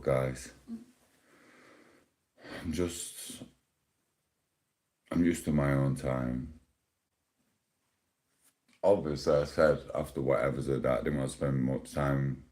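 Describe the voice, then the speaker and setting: A man's voice: rumbling low, steady tone, slow pace, long pauses, a little mellow. A man on a casual live stream at home, rambling and complaining in an exasperated way, talking into a phone.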